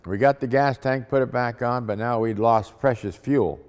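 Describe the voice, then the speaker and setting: A man's voice: medium pitch, normal speed, clear, resonant tone. A man, a missionary, telling a testimony story in a folksy, dramatic way. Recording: long hall reverb.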